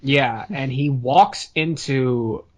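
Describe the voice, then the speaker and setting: A man co-hosting a casual movie review chat, retelling the plot in a profane, animated way. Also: medium pitch, very slow. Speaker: podcast co-host.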